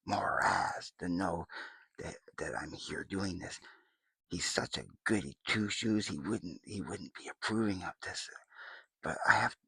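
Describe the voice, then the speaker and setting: A man's voice: sits low, gravelly, sharp tone, slightly rough, no echo, full character voice. A man voicing a sly, scheming male trickster spirit in a comedic monologue, whispering conspiratorially and then boasting gleefully.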